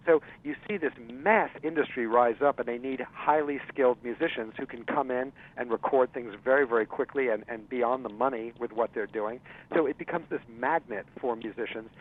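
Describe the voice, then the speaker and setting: A man telling a long story as a guest on a radio interview, talking with lots of fillers and restarts. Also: medium pitch. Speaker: interview guest, jazz writer. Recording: tinny phone-line sound.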